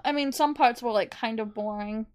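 A woman co-hosting a casual movie podcast with a somewhat high voice. She is laid-back and laughs easily, and she mostly answers with quick agreement. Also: darkish tone. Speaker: podcast co-host. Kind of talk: casual movie-review chat.

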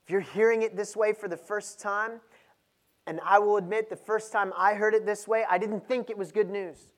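A man preaching a sermon, moving from low, measured reading to loud, emphatic stretches. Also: steady tone.

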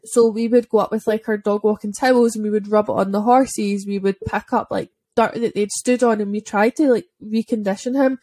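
A woman's voice: medium pitch, fairly even intonation, fairly quick, hardly any pauses, warm tone. A woman telling a dog-walking story in a casual podcast chat, chatty and full of "like" fillers. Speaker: dog owner and podcast speaker.

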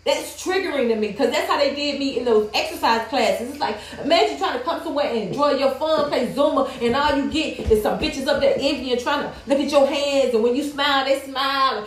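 Woman livestream host, higher voice, blunt and cussing, roomy echo. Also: a little fast, few pauses. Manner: blunt, profane, heated and emphatic. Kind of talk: casual livestream rant.

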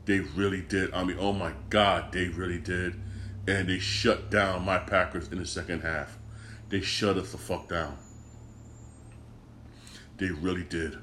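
A man's voice: sits low, a bit bright, slight background noise. A man hosting a sports podcast, ranting about a football loss, upset and swearing, repeating himself often. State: upset and disgusted. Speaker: podcast host. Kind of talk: casual sports rant.

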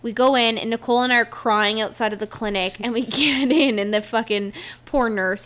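A woman's voice: a little high, fairly even intonation, a bit bright. A young woman co-hosting a podcast, telling a travel story in casual chat with blunt swearing and quoted back-and-forth. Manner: swearing, fast recap with quoted dialogue. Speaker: podcast co-host. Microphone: podcast microphone.

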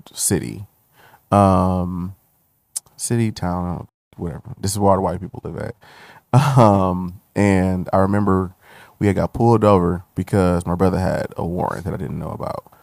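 A young man with a low, gravelly voice tells a personal story in candid podcast conversation. He talks loosely and swears freely. His voice rises and grows heated when he replays moments of anger. The sound is close and dry. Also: moderate pace, dry recording. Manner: loose, profane, animated when retelling anger. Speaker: guest.

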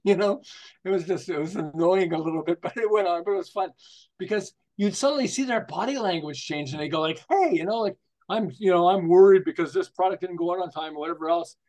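Fast-talking and high-pitched, a man of 60 or more chats as a podcast guest, drawing on his work in marketing consulting. He's animated and laughs frequently as he tells anecdotes and jokes.

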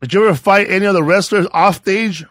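A man interviewing a guest in casual chat, playful and quick to laugh. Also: high-pitched, fairly even intonation, a bit bright, no room sound, clean studio sound.

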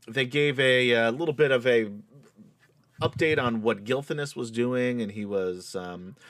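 A man's voice: lowish voice, no echo. A man hosting a tabletop game stream as game master, chatty and laughing with fillers as he recaps the story.

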